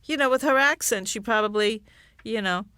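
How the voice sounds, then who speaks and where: A woman's voice: on the high side, moderate pace, bright, forceful tone, clean tone, no echo, studio quality. A woman, a podcast guest who chats in a wry, candid way. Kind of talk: casual chat.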